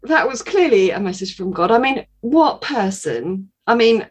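A woman sharing a personal testimony as a podcast guest, telling her story in an animated way, with laughs and pauses. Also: fairly high pitch, breathy edge.

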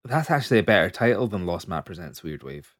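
A man's voice: low voice, sing-song, fast talker, dry recording, studio quality. A man co-hosting a podcast in casual chat, joking and laughing often as he rambles through lists. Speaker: podcast co-host.

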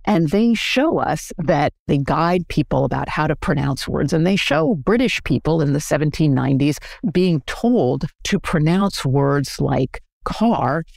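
Gravelly-voiced American woman explaining history. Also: low-pitched, expressive, a little mellow, dry recording, studio quality. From United States. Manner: lecturing, clear and measured. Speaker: history professor. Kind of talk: explanatory interview answers.

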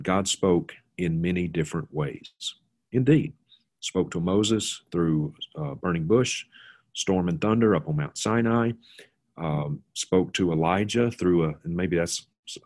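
A man's voice: sits low, darkish tone. A man explaining a Bible passage in an informal, conversational way, with asides and restarts. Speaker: guest teacher.

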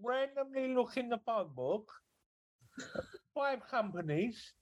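A man joining a casual podcast chat over a video call, blunt and cheeky with deadpan jokes. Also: very high voice, takes it slowly. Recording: dull remote video-call audio.

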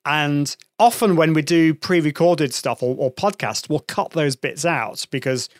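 A talkative man hosts a live online show, with a voice a touch higher than most men. He rambles, restarts his sentences and slips in small laughs. The sound is dry and close. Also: measured pace, no echo. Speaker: host. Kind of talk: live show interview chat.

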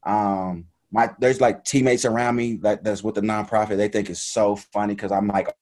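A man casually telling a story about a race in an animated, laughing way, acting out what people said. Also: on the low side, moderate pace. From United States. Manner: animated, laughing retelling with quoted voices.

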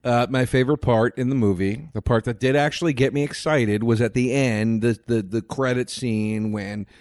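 A man's voice: medium pitch, fairly even intonation, normal speed, a little mellow, no room sound. Dry, rambling male movie podcaster. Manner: rambling, retells scenes with filler words. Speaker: podcast co-host. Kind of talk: casual movie review chat.

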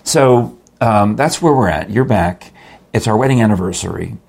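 A man's voice: lowish voice, lively intonation, moderate pace, creaky, a little mellow. An older man co-hosting a show with his wife, chatting casually and rambling with chuckles and restarts. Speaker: podcast co-host. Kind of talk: casual chat.

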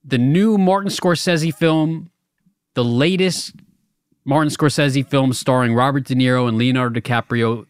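A man's voice: medium pitch, clear, resonant tone, no echo, studio quality. A young man co-hosting a podcast, casually telling a long rambling story with many stammers and restarts. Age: young adult. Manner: rambling, stammers and restarts, laughs at own stories. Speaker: podcast co-host. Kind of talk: casual chat.

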